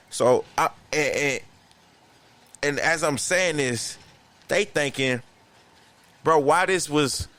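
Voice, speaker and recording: Animated slangy man telling a story. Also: medium pitch. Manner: animated, profane, slangy, laughs often. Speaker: podcast co-host. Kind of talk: casual storytelling chat.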